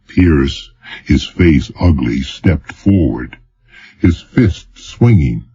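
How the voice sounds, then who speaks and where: A man narrating a thriller audiobook in measured, dramatic storytelling. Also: a bass voice, lively intonation, dark tone, slightly rough, lo-fi sound. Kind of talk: scripted narration.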